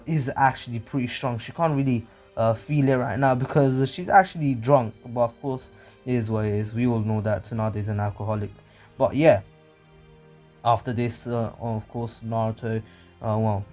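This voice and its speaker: A man's voice: mid-range voice, a little mellow. A man casually narrating a fan story, rambling with many fillers and restarts. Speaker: anime channel narrator.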